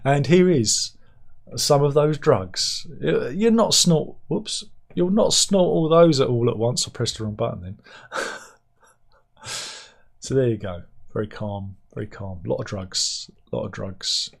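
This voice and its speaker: A man chats through the day's odd news stories with a dry, wry humour, and he often laughs at his own jokes. His voice is gravelly, with a rough fry at the ends of phrases, and he sits talking in a room at home. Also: mid-range voice, animated, a little slow. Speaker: host. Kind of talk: casual news commentary.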